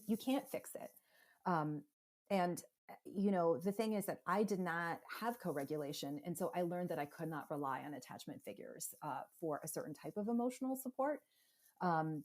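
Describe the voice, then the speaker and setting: A middle-aged woman from the United States, a psychotherapist speaking as a podcast guest, talking animatedly and acting out parents and kids in quick voices. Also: low-pitched, a little mellow. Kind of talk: conversational interview.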